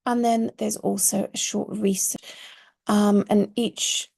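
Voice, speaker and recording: Middle-aged woman teacher, husky gravelly tone, earnest and emphatic explaining. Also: medium pitch, level tone, a little mellow. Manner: earnest, stresses key words with slow emphasis. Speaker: Arabic teacher.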